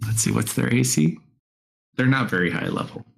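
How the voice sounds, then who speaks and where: A man runs the table as game master, his voice sitting at an ordinary middle pitch. He narrates in a relaxed, easygoing way and often breaks into laughter. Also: normal speed, creaky.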